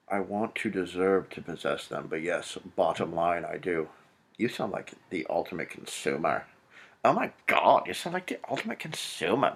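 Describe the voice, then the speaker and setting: Gravelly low-voiced man, crude and exasperated. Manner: profane, exasperated, mocking. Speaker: comedic reader. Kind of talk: comedic read-aloud with crude commentary.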